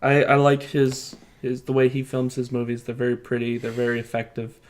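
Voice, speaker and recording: A man's voice: medium pitch, completely flat delivery, fairly quick. A young man co-hosting a podcast in casual chat, dry and teasing with his partner. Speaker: podcast co-host.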